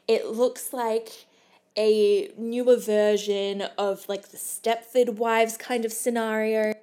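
A woman's voice: fairly high pitch, a little mellow. A young woman hosting a podcast in a casual, gossipy chat, with lots of "like". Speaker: podcast host.

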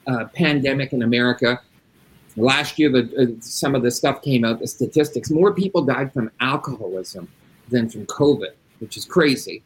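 A middle-aged man speaks in a casual interview as an addiction interventionist. His voice sits in an ordinary middle pitch, and he talks bluntly and emphatically, swearing freely as he makes his points. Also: low-quality recording.

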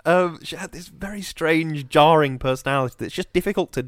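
This fairly high-pitched man talks fairly quickly with no room sound, casually chatting on a video call. He tells a long story in a rambling, animated way, loaded with fillers.

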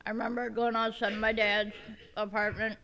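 A woman's voice: a little high, level tone, moderate pace, a bit bright, dull audio. Earnest woman telling personal stories. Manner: plain, earnest storytelling. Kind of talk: casual chat and personal storytelling.

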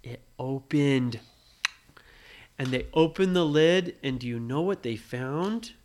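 A woman improvises a bedtime story for a child, with a low, animated voice. She keeps drawing the listener in with questions about what happens next. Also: slow pace, slight background noise.

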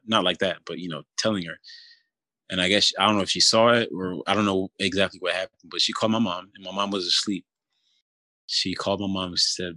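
Man in his twenties, low-pitched, flat delivery, filler-heavy casual storytelling. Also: fairly quick, dry recording. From Philadelphia area. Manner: casual, many fillers like "you know" and "kinda". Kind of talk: personal storytelling.

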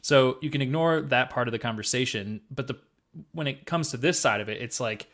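Speaking briskly in a medium-pitched, slightly bright voice, this podcast co-host keeps the chat casual. He often goes off on ranting tangents full of swearing.

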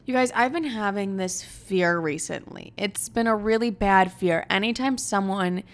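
A woman's voice: medium pitch, moderate pace. A young woman in her twenties hosting a podcast, chatting casually and candidly, full of "like" fillers and swearing. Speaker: podcast host. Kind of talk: casual solo chat.

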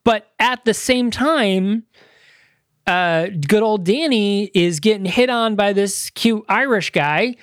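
A man's voice: high voice, expressive, slow pace, a bit bright, no echo, studio quality. A man co-hosting a podcast, casually retelling a movie plot in a rambling way, full of fillers. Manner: rambling, filler-heavy retelling with lots of "like" and "you know". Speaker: podcast co-host. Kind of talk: casual movie review chat.

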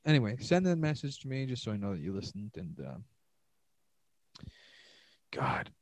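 A man's voice: on the low side, huge pitch swings, moderate pace, no echo. A man hosting a podcast alone, ranting in a loose, profane, sarcastic ramble, recorded close on a podcast mic. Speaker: podcast host. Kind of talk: solo rambling podcast monologue.

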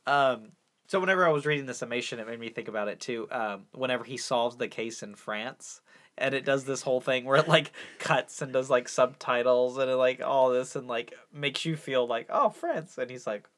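A man's voice: mid-range voice, fairly quick, a bit bright. A man co-hosting a casual podcast, rambling through an episode recap with many fillers and chuckles. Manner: rambling, filler-heavy, amused. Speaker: podcast co-host.

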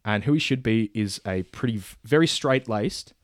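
A man in casual chat pitching a film idea, rambling with many fillers and restarts, now and then acting out characters' lines. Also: animated, moderate pace, no room sound, studio quality.

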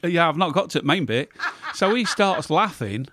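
A man's voice: a little high, very animated, normal speed, background noise. A middle-aged man, casually telling a funny story and chuckling along. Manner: chatty, laughing at his own tale.

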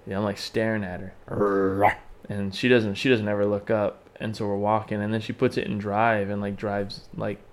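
A man co-hosting a podcast, telling an animated, swearing story in casual chat and shouting the lines he quotes. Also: on the low side, normal speed. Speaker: podcast co-host.

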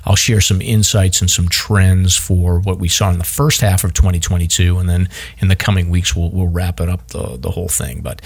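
A man with a deep voice hosts a hiking podcast. He talks in a relaxed, rambling way, with plenty of fillers and self-corrections. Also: normal speed, vocal fry, hardly any pauses, slightly rough. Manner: loose and chatty, many fillers and restarts. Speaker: podcast host. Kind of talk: casual chat.

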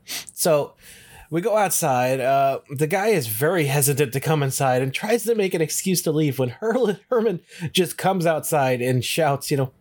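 A man's voice: on the high side, animated, moderate pace. A man co-hosting a podcast, casually recounting the plot of a TV episode step by step. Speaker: podcast co-host. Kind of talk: casual chat recapping an episode.

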